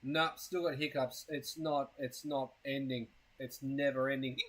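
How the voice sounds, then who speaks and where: Husky, rambling male live streamer. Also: medium pitch, steady tone, a little slow, a bit bright, soft background music, poor audio. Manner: rambling, crude and self-mocking. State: has hiccups. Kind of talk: casual live-stream chat.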